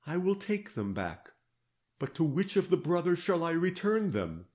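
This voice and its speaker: A man playing a gentle fatherly old detective. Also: on the high side, big pitch swings, normal speed, voice pushed up. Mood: gentle coaxing. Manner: gentle, soothing, coaxing.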